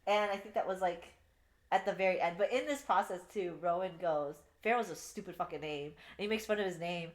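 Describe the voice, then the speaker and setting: A young woman co-hosting a casual book review podcast, retelling scenes in an animated way, swearing freely and laughing at her favorite parts. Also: fairly low pitch, a little fast. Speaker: podcast co-host. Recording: echoey room.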